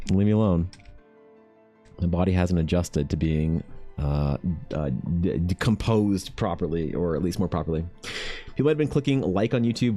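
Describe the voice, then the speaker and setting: A man's voice: low-pitched, mellow. A man streaming while he draws, chatting casually in a laid-back, rambling way and swearing freely. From Canada. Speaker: art streamer.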